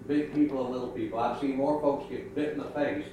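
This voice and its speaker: A man's voice: medium pitch, fairly even intonation, fairly quick. An older man, a pastor, telling a folksy children's sermon about his granddaughter. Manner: folksy storytelling. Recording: echoey room, mic far off, noisy.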